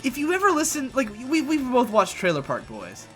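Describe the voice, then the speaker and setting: Male co-host from Canada, high and bright, rants animatedly over gameplay. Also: brisk, faint music behind. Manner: rambling, animated ranting. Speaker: co-host of a gaming channel. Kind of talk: casual chat over gameplay.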